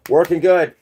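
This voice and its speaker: A man's voice: fairly high pitch, gravelly, slight background noise. A man hosting a livestream, rambling through conspiratorial commentary and calling his viewers "bro". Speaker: channel host. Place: indoors.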